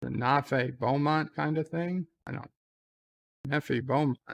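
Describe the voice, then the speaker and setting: A man's voice: fairly high pitch, slow pace, vocal fry. A man giving casual live commentary on a TV episode, retelling the scenes in a chatty way. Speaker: show commentator.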